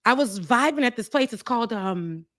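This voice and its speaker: A woman's voice: a little high, animated, normal speed, fairly bright tone, dry recording, clean studio sound. A woman co-host telling stories in casual chat, with laughs and quoted voices. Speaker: show co-host.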